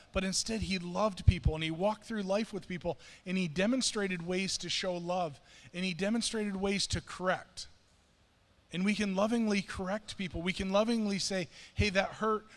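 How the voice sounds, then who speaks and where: Earnest man preaching, high voice, reverberant. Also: fairly bright tone. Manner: conversational, earnest, self-deprecating. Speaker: pastor. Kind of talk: sermon. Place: church sanctuary. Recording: long hall reverb.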